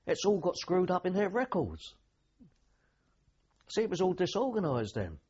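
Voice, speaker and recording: A man's voice: high-pitched, sing-song, moderate pace, darkish tone, husky, lo-fi sound. An older man, a veteran telling rambling anecdotes with dry humour in an oral history interview.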